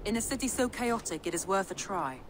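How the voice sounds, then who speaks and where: A woman's voice: mid-range voice, animated, brisk, a little hiss or hum, lightly acted. An actress playing a composed female settlement advisor in a video game. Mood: advising.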